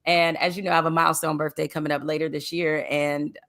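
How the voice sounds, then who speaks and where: A woman with a somewhat low voice talks things over as a co-host in a casual chat. She thinks aloud and leans on pointed rhetorical questions to make her case. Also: little pitch movement, fast talker, a bit bright. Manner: reflective, with emphatic rhetorical questions.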